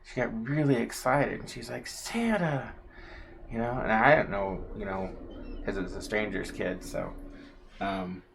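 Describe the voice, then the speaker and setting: A man's voice: on the low side, flat delivery, moderate pace, creaky, noisy background. A man telling a long, casual story on a livestream, full of fillers and asides. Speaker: co-host, husband of the host.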